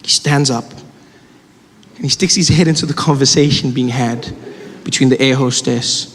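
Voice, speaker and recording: A man telling a stand-up story on stage, lively, acting out the people he describes. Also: medium pitch, moderate pace. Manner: animated, acts out every character. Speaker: stand-up comedian. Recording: noisy live show with long reverb.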